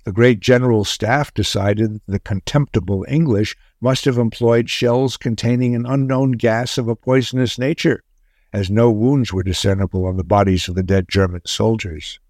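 A man narrating a wartime tale in a measured, grave storytelling manner. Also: on the low side, steady tone, a little mellow, no echo, clean studio sound.

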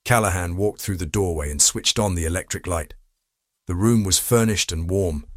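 Male narrator, low and even, dry studio sound, measured crime audiobook read. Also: no room sound.

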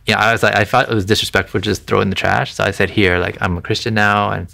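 A man from a Thai family background gives his faith testimony in an interview at a quick pace, his lowish voice pushed and bright, with vocal fry and little pitch movement. He's earnest and conversational, restarting often and saying "you know."

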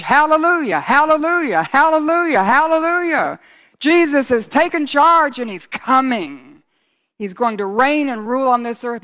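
A middle-aged woman preaching a sermon, moving from hushed, slow phrases to loud, fervent reading of scripture. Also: a little high.

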